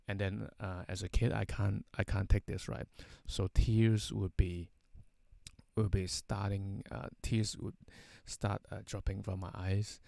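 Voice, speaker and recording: Slow, deep-voiced man rambling through a story. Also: level tone, gravelly, darkish tone, no room sound. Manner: rambling, many fillers and "right?" tags. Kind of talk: casual anecdote to camera.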